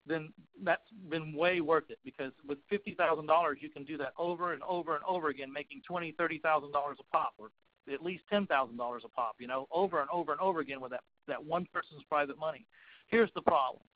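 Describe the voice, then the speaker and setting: A man's voice: on the high side, fast talker, lo-fi sound. A man who coaches real estate investors, talking in a folksy storytelling manner as a guest on a webinar. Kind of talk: webinar talk.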